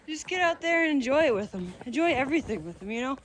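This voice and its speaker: A woman's voice: sits high, animated, fairly quick, slight background noise. A young woman vlogging outdoors in the snow, playful and chatty as she coaxes her dog, a little out of breath. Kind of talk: casual vlog playing with her dog.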